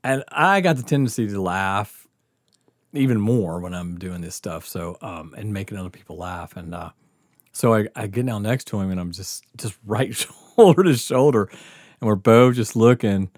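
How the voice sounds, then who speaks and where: A man's voice: on the low side, animated, moderate pace, darkish tone, no room sound, studio quality. A man telling a story in casual chat, laughing often and swearing freely. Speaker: podcast host telling a story.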